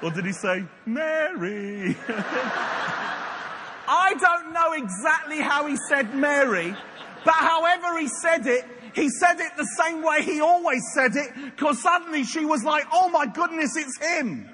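A man preaches with playful, jokey storytelling. His voice sits high and sounds bright and pressed. A long hall reverb and faint background noise surround it. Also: animated, normal speed. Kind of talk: sermon.

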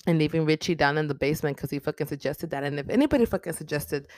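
A woman with a low voice recaps a movie, rambling with lots of fillers and nonstop swearing. She talks bluntly and excitably, recorded close and dry. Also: racing, dry recording.

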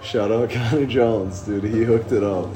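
A young man hosting a casual podcast, high and rambling, with lots of swearing and giggling. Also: steady tone, a little slow. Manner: rambling, profane, giggly stoner talk. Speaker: podcast host. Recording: noisy amateur room recording.

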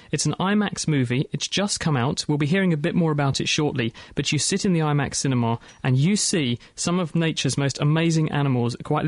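A man hosting a radio science show, talking in a brisk, chatty, enthusiastic way into a studio microphone. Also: on the high side, no echo. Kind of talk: casual radio presenting.

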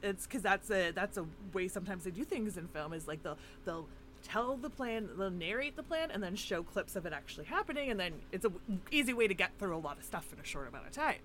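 Animated chatty woman with lively pitch. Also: brisk, a little hiss or hum. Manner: chatty, animated retelling with frequent fillers and laughs. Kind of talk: casual chat recapping a film.

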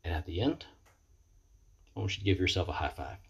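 A man's voice: low-pitched, animated, a little fast, vocal fry, breathy edge. A man in recovery giving an earnest, reflective motivational talk into a computer webcam, often stopping to repeat his words. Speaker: person in recovery sharing experience. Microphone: computer webcam mic.

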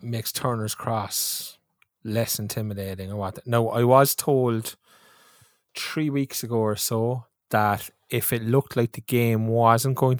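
A man co-hosting a football podcast, giving his views in a measured, matter-of-fact way. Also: fairly low pitch, dry recording, clean studio sound. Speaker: podcast co-host. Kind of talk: casual podcast chat.

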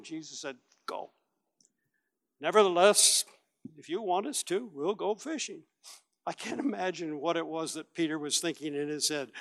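A man preaching a sermon as a pastor, telling the story with lively acted-out voices and big swings from loud to quiet. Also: a little high, normal speed. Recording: long reverb of a large hall.

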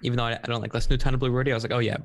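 Gravelly-voiced man musing hesitantly. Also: mid-range voice, flat delivery, racing. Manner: hesitant, searching for words, many ums and likes. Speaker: podcast co-host. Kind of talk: casual music podcast chat.

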